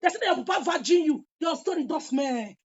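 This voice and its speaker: A Nigerian woman vlogger delivering a heated, taunting rant, sometimes breaking into shouts. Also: high-pitched, expressive, fast talker, dull audio, noisy background. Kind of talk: angry rant.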